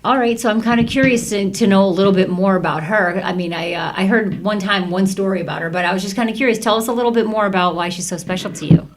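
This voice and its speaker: A woman talking as a guest in a casual podcast conversation, in a relaxed way with short, chatty replies. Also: mid-range voice, quick pace, few pauses, low-quality recording.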